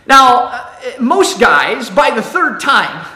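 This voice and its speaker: Man, pastor, sermon, high bright voice, conversational restarts, echoey room. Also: big pitch swings, takes it slowly. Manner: conversational, with repeated restarts and acted-out quotes.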